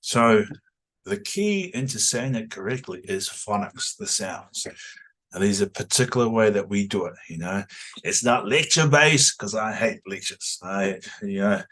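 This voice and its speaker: A man who is a trained language teacher, promoting his pronunciation course in a lively way, often tagging his points with "right?". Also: fairly low pitch, a little slow. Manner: animated, rhetorical "right?" tags.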